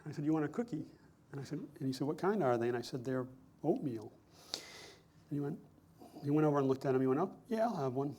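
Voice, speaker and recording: A man's voice: on the high side, fast talker, pauses often, darkish tone, slightly rough. A middle-aged man, a screenwriter giving a lecture, telling anecdotes in a conversational, self-correcting, amused way.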